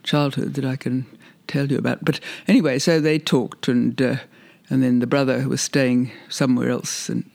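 A man's voice: medium pitch, little pitch movement, normal speed, gravelly, hardly any pauses, darkish tone. An older man being interviewed, reminiscing in a rambling, hesitant way with frequent laughs. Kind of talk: reminiscing conversation.

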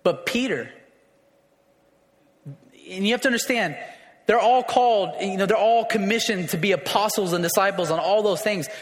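High-voiced man preaching in a reverberant hall. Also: moderate pace, long pauses. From raised in a city. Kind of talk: sermon.

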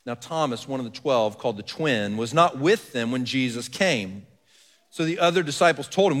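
A man preaching a sermon as pastor, reading scripture softly and building to earnest emphasis. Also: medium pitch, animated, moderate pace. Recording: long hall reverb.

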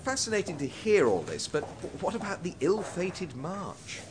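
A man's voice: high-pitched, wildly swooping pitch, moderate pace, a crowd in the background. A man playing a politely impatient history interviewer who keeps pressing for details. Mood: probing. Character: dry, persistent male history interviewer.

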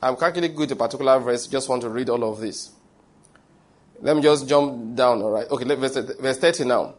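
A man preaching a sermon, from Nigeria. He reads scripture slowly and stresses key words, and chuckles as he tells stories to the congregation. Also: medium pitch. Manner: slow, emphatic reading with stressed words; chuckles while telling stories. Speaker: pastor. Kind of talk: sermon with Bible reading.

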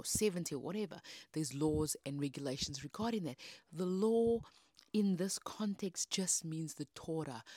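A woman's voice: on the low side, darkish tone, no room sound, clean studio sound. A woman hosting a devotional podcast, teaching in a feisty, emphatic preaching manner with rising bursts. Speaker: podcast host.

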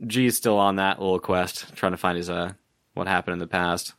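A man playing in a tabletop game podcast, recapping in a rambling, halting way. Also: deep voice, steady tone, fairly bright tone, clear, resonant tone, dry recording, studio quality. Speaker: player. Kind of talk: casual podcast banter.

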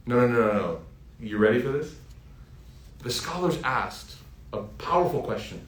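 Speaking with animation at a moderate pace and leaving long pauses, a medium-pitched Islamic preacher in his thirties gives a heartfelt, story-filled sermon that climbs to emphatic peaks. The room adds a noticeable echo.

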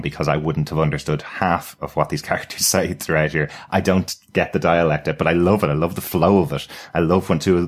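A man co-hosting a podcast, chatting enthusiastically about a TV series and repeating words as he thinks. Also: rumbling low. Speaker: podcast co-host reviewing a TV series. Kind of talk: casual review chat.

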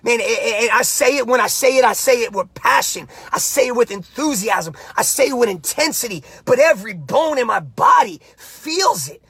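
A man giving a motivational podcast pep talk as a coach, emphatic and repetitive, with shouted bursts. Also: very high-pitched, animated, normal speed, gravelly, few pauses, slightly rough, no echo.

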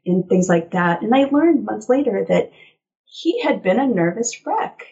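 A woman telling personal stories as an interview guest, animated and quick to laugh. Her voice sits at an ordinary middle pitch. The audio is slightly muffled and lo-fi. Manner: animated storyteller, laughs often. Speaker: guest author. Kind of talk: casual interview chat.

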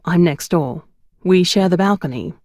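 A man's voice: high voice, moderate pace, darkish tone, no echo, studio quality. A woman voicing a beefy, rumpled male photographer who talks in curt, commanding phrases, in a storybook reading. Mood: blunt.

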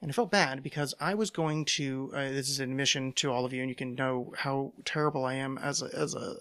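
A man's voice: mid-range voice, a bit bright. A man from the United States hosting his own podcast, talking alone into a microphone in a rambling, self-deprecating way with wry asides. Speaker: podcast host. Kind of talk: solo casual monologue. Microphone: home podcast microphone.

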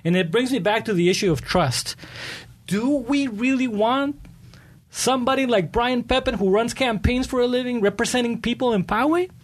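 A man's voice: very high-pitched, moderate pace. A man running for local office, telling stories earnestly with frequent restarts in an interview. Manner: earnest, animated storytelling with many restarts. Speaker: political candidate. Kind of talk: conversational interview answers.

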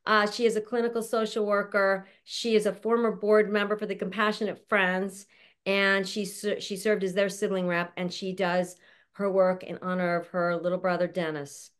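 A woman's voice: mid-range voice, level tone, normal speed, smooth. Chatty woman host on a video call, affectionate, laughs a lot. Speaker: show host introducing a panel. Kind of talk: casual chat.

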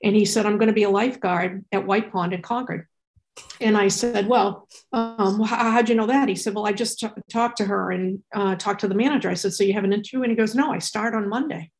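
A middle-aged woman co-hosting a casual chat podcast, telling a lively story and acting out what others said. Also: mid-range voice, a little fast. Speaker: podcast co-host.

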